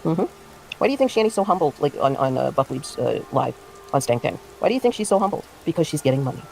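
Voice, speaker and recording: A woman streamer tears into the drama in casual livestream commentary, indignant and cursing freely. Her voice is dark and mellow, with a little music playing faintly underneath. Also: sits low, very animated, quick pace, vocal fry. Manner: heated, profane, indignant ranting.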